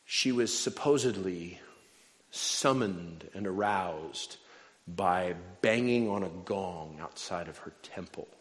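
A male pastor with a fairly low voice preaches to a congregation, mixing dry, self-mocking humor into his sermon. His words ring out with a long reverb, as in a large church sanctuary. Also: takes it slowly. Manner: humorous storytelling with wry asides.

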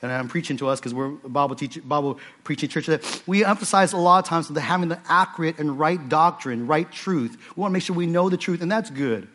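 A man's voice: on the high side, fairly quick, few pauses, fairly bright tone. A man preaching an earnest sermon to his own church, stressing points by repeating phrases. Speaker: pastor.

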